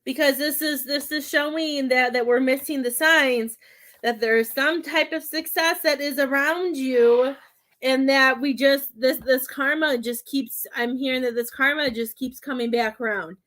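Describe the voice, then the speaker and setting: A woman doing a psychic reading from home, with halting, repetitive speech that gives gentle advice. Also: sits high, steady tone. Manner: halting, repeats words, soothing advice. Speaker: psychic medium. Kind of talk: live-stream spirit reading.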